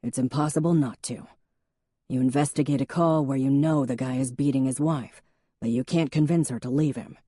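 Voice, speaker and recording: Wry male police chief, steady and deadpan, low voice from a woman narrator, dry recording. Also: normal speed, slightly rough, dry recording. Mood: steady, reassuring. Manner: deadpan, patient stare in the voice.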